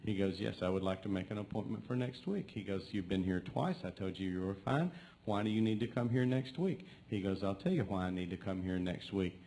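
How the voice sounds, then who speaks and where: A man's voice: low-pitched, fairly quick, mellow. A man, a comedy club host, telling jokes in a loose, rambling way. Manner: loose storytelling with fillers and repeated "he goes". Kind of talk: joke telling. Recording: faint background noise.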